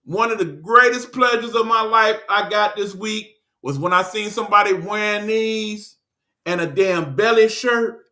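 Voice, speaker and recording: A man's voice: high voice, sharp tone. A man with a Detroit accent hosting his own online show, ranting in a blunt, profane, joking way. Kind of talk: casual ranting monologue.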